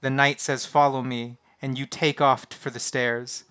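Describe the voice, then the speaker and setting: A man streaming a text adventure game, reading its lines aloud and reacting in an animated, swearing way. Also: mid-range voice, normal speed.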